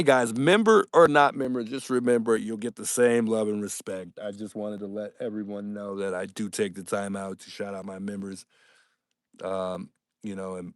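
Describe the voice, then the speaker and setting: A young man hosting a casual livestream, upbeat and animated as he reads viewer comments and thanks his audience. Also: on the low side, no room sound, clean studio sound. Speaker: livestream host.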